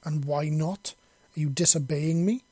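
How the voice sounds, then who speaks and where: A man voicing a fierce, commanding alien warrior woman who speaks in a stern, domineering and halting way. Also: on the high side, a little mellow, husky, no echo. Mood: menacing.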